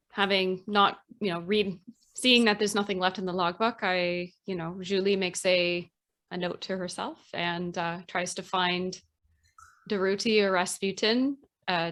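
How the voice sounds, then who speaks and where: A woman's voice: fairly low pitch, fairly bright tone. A woman playing in a tabletop game, speaking hesitantly with fillers. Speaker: player. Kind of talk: tabletop role-play.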